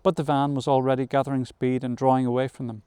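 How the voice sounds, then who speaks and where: A man reads a classic novel aloud in a measured storytelling manner, sometimes correcting a slip. His voice sits at a middle pitch and sounds smooth and resonant. The recording is close and dry. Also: flat delivery, warm tone, no room sound. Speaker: audiobook reader. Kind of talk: scripted narration of a novel.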